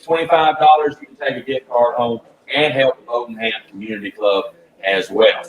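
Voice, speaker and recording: A man hosting a live radio auction, reading out bids in a steady, plain way. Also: medium pitch, moderate pace, reverberant, poor audio. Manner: steady, plain, with frequent uh fillers.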